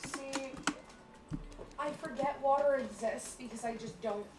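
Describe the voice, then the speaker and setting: A woman's voice: sits high, a little slow. A woman chatting casually as a co-player, easygoing and a bit confused. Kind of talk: casual gaming chat. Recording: distant echoey voice with background noise.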